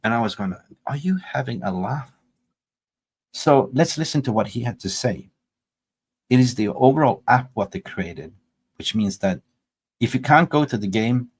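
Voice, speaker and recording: A man's voice: fairly low pitch, moderate pace, breathy edge. A man hosting a football fan channel, reacting with exasperated rhetorical questions. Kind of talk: reaction commentary.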